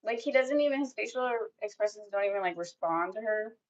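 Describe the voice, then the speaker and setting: A woman's voice: medium pitch, expressive, a little fast, muffled recording. A young woman doing a tarot reading for her viewers, speaking bluntly and swearing freely with lots of "like" fillers. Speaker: tarot reader.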